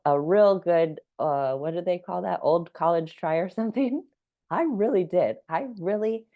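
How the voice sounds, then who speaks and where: A woman's voice: sits low, creaky, narrow, tinny audio. A woman talking through her thoughts in a casual personal vlog. She is reflective and laughs often as she goes. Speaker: vlogger.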